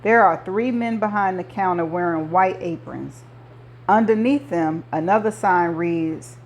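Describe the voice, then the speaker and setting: A woman reading a novel aloud, narrating in the first person with measured delivery. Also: lowish voice, animated, slight background noise. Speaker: audiobook reader.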